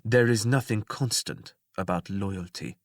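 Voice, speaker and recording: A man voicing a calm, detached male immortal who speaks in a measured, quietly lecturing way. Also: lowish voice, dry recording, clean studio sound, natural voice. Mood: serene.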